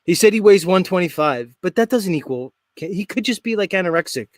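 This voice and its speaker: A man's voice: high-pitched, lively intonation, brisk, no echo, studio quality. A man hosting a live stream show, talking in a brash, joking, rambling way. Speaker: host. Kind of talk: casual live stream chat.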